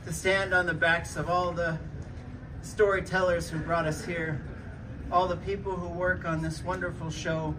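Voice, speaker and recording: A man delivers a slow, heartfelt speech to a welcoming gathering at an airport. His voice is fairly high. He is recorded from a distance, and loud background noise surrounds him. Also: level tone. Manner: slow, heartfelt, speaks an Indigenous language before switching to English. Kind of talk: public speech. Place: airport arrival hall.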